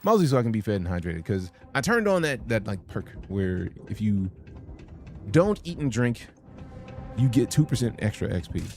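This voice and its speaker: Profane, animated young male streamer. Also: on the low side, normal speed, a little hiss or hum. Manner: profane, jokey, sing-song bursts. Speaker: gaming streamer. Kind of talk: casual live-stream commentary.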